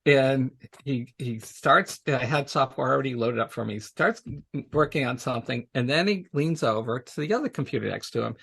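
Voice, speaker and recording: A man's voice: medium pitch, normal speed, vocal fry, fairly bright tone, slightly rough. A man telling stories from his work in a casual interview, chatty and laughing often. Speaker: special education technology guest.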